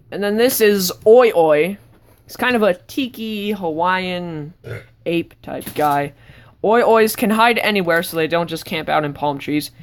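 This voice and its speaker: A woman vlogger giving a casual, rambling tour of her sketchbook, breaking into sudden excited outbursts. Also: lowish voice, a little hiss or hum.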